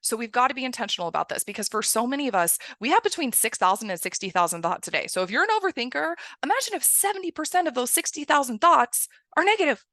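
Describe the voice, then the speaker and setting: Fast-talking woman coaching with emphasis. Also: high voice, lively intonation, bright, forceful tone, dry recording. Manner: emphatic, keeps asking "right?". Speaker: success coach. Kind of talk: motivational coaching talk.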